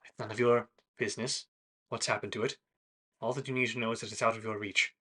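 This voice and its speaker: A man voicing a secretive, cold male noble of a fey court who speaks in a hushed, guarded, curt way. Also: fairly low pitch, steady tone, fast talker.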